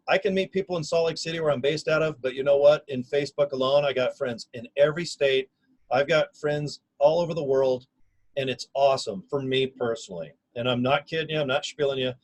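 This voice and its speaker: A man in his fifties talks casually and energetically into his own camera, pitching an online business in a folksy, slangy, emphatic way. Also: fairly quick, rough recording. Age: 50s. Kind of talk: casual self-recorded video pitch. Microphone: camera or phone mic.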